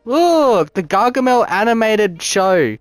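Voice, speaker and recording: A young man trading crude jokes with a friend in a late-night chat, swearing freely and breaking into laughter. His pitch jumps around a lot as he talks. Music plays faintly in the background. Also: very animated, slow, no room sound.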